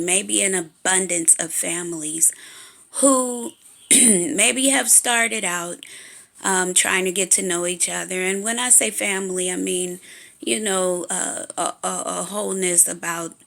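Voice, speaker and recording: Slow, gravelly, bright-voiced woman. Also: on the low side. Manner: halting, with many fillers and restarts; earnest, agitated. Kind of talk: personal spiritual monologue.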